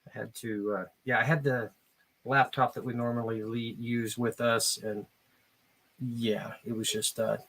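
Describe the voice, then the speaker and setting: A man co-hosting a live stream with his wife, talking casually in a halting way with many fillers. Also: mid-range voice, little pitch movement, a bit bright. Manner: halting, filler-heavy, good-natured. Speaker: co-host, husband.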